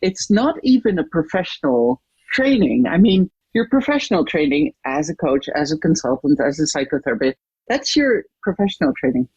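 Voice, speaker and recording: A woman's voice: deep voice, normal speed, slightly rough, dry recording, highs cut off. An older woman, a coach and trainer, talking animatedly as an interview guest and acting out stories with voices. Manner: animated, acts out anecdotes with lively voices. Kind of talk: interview conversation.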